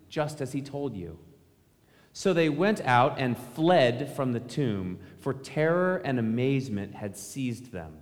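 A man preaching a sermon as pastor, speaking conversationally and asking the congregation rhetorical questions. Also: mid-range voice. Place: church sanctuary. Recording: long church reverb.

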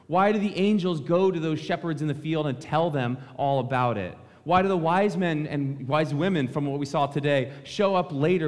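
A male pastor gives a Christmas Eve sermon, telling a relaxed story and speaking to the children. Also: fairly high pitch. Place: church sanctuary. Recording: long church reverb.

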